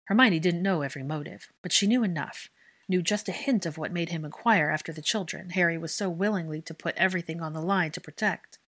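Low, husky woman narrating a story. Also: fairly bright tone. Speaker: fan fiction narrator. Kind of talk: audiobook narration.

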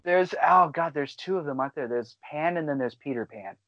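A man's voice: a little high, a little fast, dry recording, lo-fi sound. A man chatting casually as a podcast co-host, telling stories with energy and acting out what people said. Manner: animated storyteller, acts out quotes. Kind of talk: casual chat.

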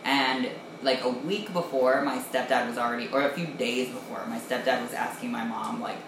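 A woman with a very deep voice tells relaxed, self-mocking stories in a casual chat and laughs easily. She is recorded in a strongly echoing room with clear background noise. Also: moderate pace. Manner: laid-back storyteller, self-mocking, laughs often.

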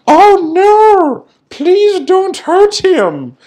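A man voicing a whiny male wrestling referee who pleads in a high, shrill voice. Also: very animated, drawn-out words, darkish tone, exaggerated voice. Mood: pleading.

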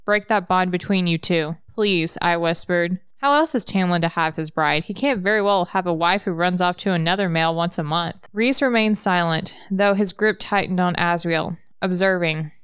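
Woman reading a novel aloud, low smooth voice, dry close sound. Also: normal speed, few pauses, fairly bright tone, dry recording. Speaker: reader.

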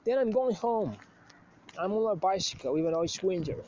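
A man's voice: sits high, lively intonation, brisk, warm tone, slight background noise. A man telling a story in a casual monologue, crude and profane, rambling with many restarts. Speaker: show host. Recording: slightly muffled lo-fi recording.

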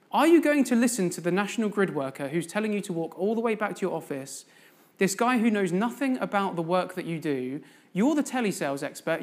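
A man's voice: high-pitched, darkish tone. A man giving a sermon as a guest preacher in a church, telling a story and putting questions to the congregation.

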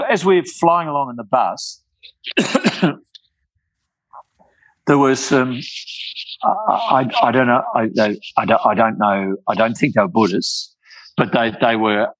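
An older man, telling travel stories in casual chat, with many halting restarts. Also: medium pitch, slightly rough, no room sound, poor audio. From Australia.

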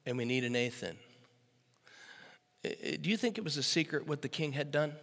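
A man in his sixties preaching a sermon as pastor, moving from easy storytelling to loud, emphatic preaching. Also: a little high, lively intonation, fairly quick. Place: church sanctuary. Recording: echoey hall with long reverb.

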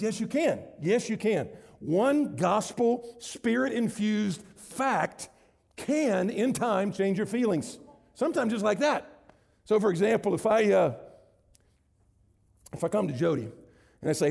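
A middle-aged man preaching a sermon, building to loud, emphatic, high-pitched stretches. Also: expressive, moderate pace, creaky, in a large hall. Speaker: pastor.

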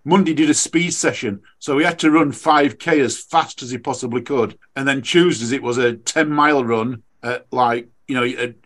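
A man from the UK, a race director guest on a podcast, chatting casually and telling lively stories with plenty of ums. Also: mid-range voice. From United Kingdom. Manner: chatty storyteller, animated when excited, many fillers.

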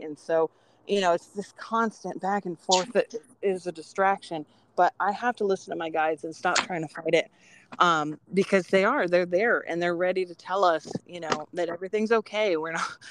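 A woman co-hosting a podcast, chatting casually and telling earnest, rambling stories with frequent ums. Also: lowish voice. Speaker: podcast co-host.

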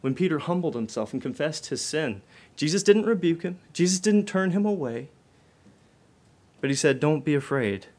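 A man preaching a sermon, asking the listeners direct questions, his delivery swelling loud and then dropping low and soft. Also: expressive, moderate pace.

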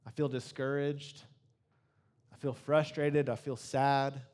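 A young man preaching an Easter sermon in a church, conversational and earnest, slowing down to stress key points. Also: medium pitch, little pitch movement, a little mellow. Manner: conversational, earnest, slows down for emphasis. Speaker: pastor. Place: church sanctuary before a congregation.

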